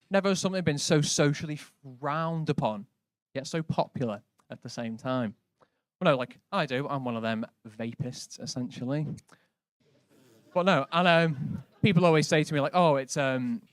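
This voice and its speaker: Dry-talking stand-up comedian. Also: male voice, fairly high pitch, dry recording. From Britain. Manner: dry, conversational, lots of likes. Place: comedy club stage.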